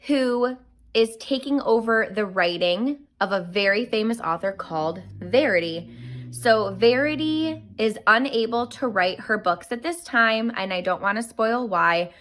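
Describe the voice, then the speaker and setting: A woman's voice: mid-range voice, a bit bright. A young woman giving an enthusiastic, gushing book review in a casual chat, a little out of breath.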